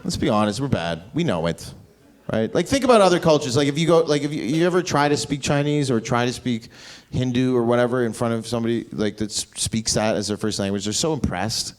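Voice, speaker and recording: A man's voice: mid-range voice, lively intonation, fast. Brash, profane stand-up comic man. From Canada. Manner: brash, profane, swings into mocking put-on voices. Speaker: stand-up comedian. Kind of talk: stand-up crowd work. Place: comedy club stage. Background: audience laughter.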